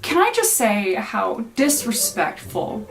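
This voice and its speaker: A young woman hosting a casual reaction video, talking in quick, animated and exasperated asides. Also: fairly high pitch, vocal fry, low-quality recording. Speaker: host reacting to her own clips.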